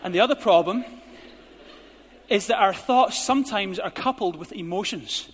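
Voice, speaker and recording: A man's voice: high-pitched, moderate pace, slight background noise. Man, pastor, emphatic sermon, long hall reverb. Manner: emphatic, rising to forceful exhortation. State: out of breath.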